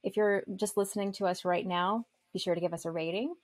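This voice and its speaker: A woman's voice: mid-range voice, fairly even intonation, a little fast, darkish tone, dry recording. A woman co-hosting a podcast, upbeat and casual as she reels off plugs and thanks. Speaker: podcast co-host. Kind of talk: casual chat.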